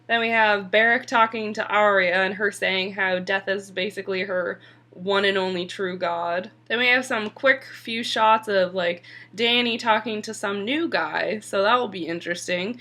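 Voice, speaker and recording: A woman's voice: medium pitch, moderate pace, pushed and bright. A young woman casually recapping a TV episode, chatty and full of "like" fillers, sometimes swearing. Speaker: TV episode reviewer.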